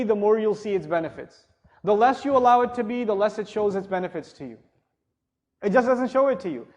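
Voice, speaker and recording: A middle-aged man giving a religious lecture to a live audience, conversational and joking, then rising into emphatic passages. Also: high-pitched. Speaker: Islamic speaker.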